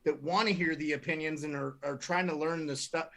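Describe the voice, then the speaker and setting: A gravelly, bright and somewhat high man's voice, chatting as a podcast co-host over a video call. He rambles and restarts his sentences often, so his talk comes out halting. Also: fairly even intonation. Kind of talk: casual chat.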